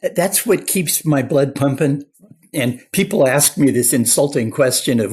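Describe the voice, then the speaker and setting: Speaking at a moderate pace with a medium pitch, this older male clinical psychologist has a darkish tone with a breathy edge. He appears as an interview guest, earnestly sharing anecdotes.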